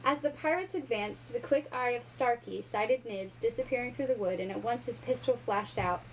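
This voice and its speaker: A woman reading a children's storybook aloud with expressive, animated storytelling. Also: a little high, moderate pace, a little hiss or hum, rough recording. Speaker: reader.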